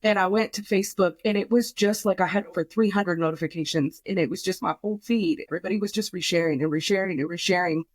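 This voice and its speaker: A woman's voice: on the low side, quick pace, few pauses, no room sound. A young woman on a podcast, telling an emotional personal story in a rambling way, full of fillers and swearing, quoting herself. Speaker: podcast guest.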